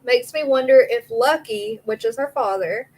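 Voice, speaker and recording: A woman's voice: fairly high pitch, moderate pace, darkish tone, rough recording. Chatty woman hosting a live stream. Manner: chatty, answers viewer comments by name. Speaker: true crime live stream host. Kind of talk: casual live stream chat, reading messages aloud.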